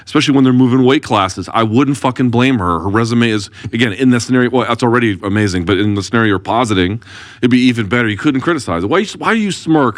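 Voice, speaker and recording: Fast-talking, swearing male co-host. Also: medium pitch, animated, dry recording, clean studio sound. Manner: fast, profane, storytelling. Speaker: podcast co-host. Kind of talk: casual sports talk.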